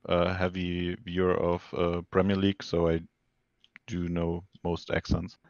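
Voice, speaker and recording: A man's voice: deep voice, monotone, unhurried, darkish tone, no echo. A man chatting casually and a little hesitantly while playing a board game. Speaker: game player. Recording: dull lo-fi mic.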